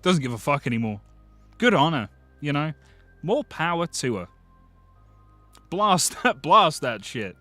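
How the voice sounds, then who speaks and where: A British man hosting a live stream, chatting casually with viewers, excitable and swearing freely. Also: on the high side, a little slow, pauses often, dry recording, faint music behind. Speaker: livestream host.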